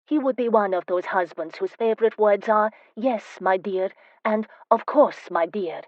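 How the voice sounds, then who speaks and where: A woman narrator voicing a spirited, teasing young woman in an audiobook, speaking with lively, emphatic delivery. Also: medium pitch, a little slow, no room sound, highs cut off, pitched above the performer's own voice, lightly acted. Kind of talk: audiobook character voice.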